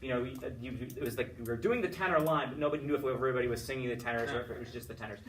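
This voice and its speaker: A man's voice: medium pitch, racing, distant mic, slight background noise. A man giving a student chatty, upbeat feedback after a choral conducting lesson, with lots of fillers and restarts. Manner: sings solfege and chants rhythm words to demonstrate.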